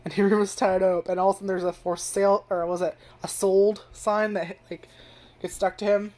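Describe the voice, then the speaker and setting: A woman's voice: mid-range voice, level tone, brisk, dark tone. A young woman casually reviewing an anime, rambling and swearing, with lots of "like" fillers. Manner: rambling and profane, heavy use of filler "like".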